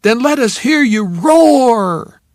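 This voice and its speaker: A man voicing high school cheerleaders leading chants with drawn-out calls. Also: lively intonation, no echo, clean studio sound, heavily acted. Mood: peppy chanting.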